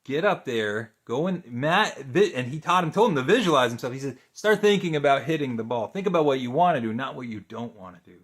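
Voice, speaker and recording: A man's voice: mid-range voice, animated, fairly quick, hardly any pauses. Man teaching as a therapist, casual. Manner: conversational, many fillers and restarts, asks rhetorical questions. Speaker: therapist teaching a video course. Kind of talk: unscripted teaching talk to camera.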